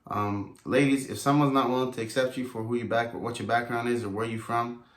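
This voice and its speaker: A young man asking and answering questions in a casual couple's Q&A vlog, speaking deliberately with many "um"s. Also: mid-range voice, steady tone, fairly bright tone. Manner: deliberate, hesitant with "um". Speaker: vlogger, husband. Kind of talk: casual Q&A chat. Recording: echoey, distant from the mic.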